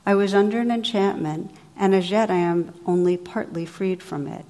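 A woman voicing a gentle, wise enchanted lady in a read-aloud legend, speaking slowly and sweetly. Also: mid-range voice, long reverb tail, close to an everyday voice. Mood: earnest.

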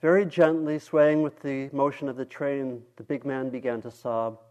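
A male meditation teacher reading a story aloud during a dharma talk, in a calm, measured way. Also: mid-range voice.

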